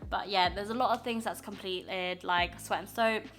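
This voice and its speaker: A woman's voice: mid-range voice, fairly even intonation, moderate pace, a bit bright. A young woman chatting casually through a manga haul, gushing and filling with lots of ums and likes. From United Kingdom. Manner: chatty and gushing, many fillers. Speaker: manga vlogger.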